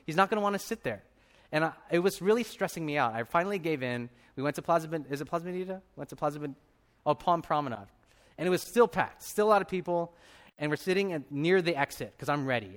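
A man in his thirties preaching a sermon as a pastor, telling a personal story with animated delivery and acted-out voices. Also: fairly high pitch, a little fast.

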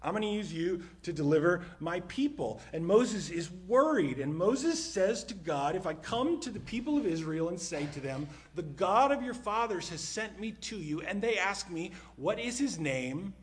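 A man with a slightly higher voice gives a sermon from a church stage. He preaches in an animated, conversational way and often sinks to a near-hush. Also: normal speed, hardly any pauses, a little hiss or hum. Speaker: pastor.

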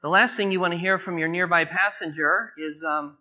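A man preaching an expository sermon, repeating his phrases and slowing down, his pitch rising as he presses each point home. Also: steady tone, bright, forceful tone. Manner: repeats phrases, slows down and rises in pitch for emphasis. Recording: dull lo-fi recording.

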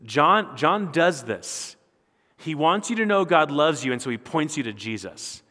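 A pastor preaching a sermon with earnest, emphatic delivery that rises and falls. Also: male voice, on the high side, expressive, a little slow, sharp tone, long reverb tail.

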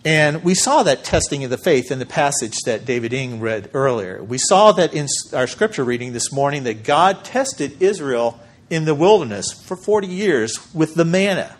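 A man preaching a sermon in a church, delivering each point in a measured, emphatic way. He stops deliberately to stress key words. His voice sits a little higher than most men's. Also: animated. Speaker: pastor.

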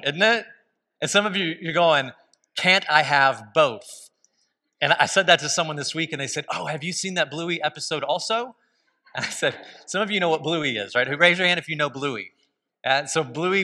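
A man's voice: a little high, pushed and bright. A man preaching a sermon as pastor, telling stories with a conversational, humorous manner.

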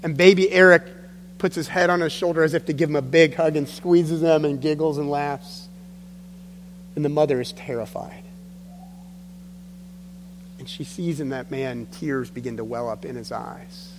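A man's voice: fairly high pitch, fairly even intonation, normal speed, pauses often. A man preaching a sermon as pastor, telling stories in an earnest, emphatic way. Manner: earnest storytelling with emphatic drops. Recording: long hall reverb with faint hum.

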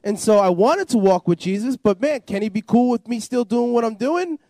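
In a very high, animated voice with a dark tone, a man at a moderate pace tells his personal story as an interview guest. He rambles, repeats and keeps saying "you know" and "like," with no room sound.

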